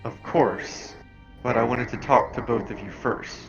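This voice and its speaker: A man voicing an ancient goddess who speaks into minds, slow and solemn, in a tabletop game. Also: medium pitch, creaky, lo-fi sound, music in the background. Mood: calm.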